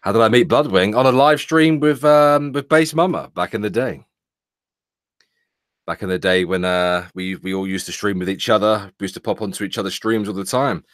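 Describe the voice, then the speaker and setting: Deep-voiced London man, dry teasing. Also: normal speed, a bit bright, no echo. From England. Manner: dry, teasing, reads and answers chat comments. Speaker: co-host of a live stream show. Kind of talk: casual live stream chat.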